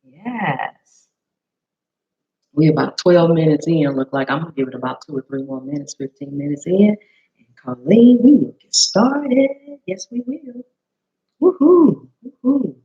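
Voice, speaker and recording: A woman chef chatting with viewers during a live cooking demo in her home kitchen, greeting them by name, her voice a little hoarse. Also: low voice, animated, moderate pace, dark tone. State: slightly hoarse. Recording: slightly dull lo-fi live-stream audio.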